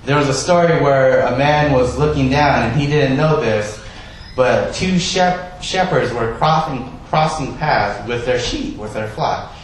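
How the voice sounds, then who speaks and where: A man preaching a sermon, stressing key words loudly and then dropping to a soft, quiet delivery. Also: mid-range voice, measured pace, a little hiss or hum. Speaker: pastor. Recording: echoey room, voice from a distance.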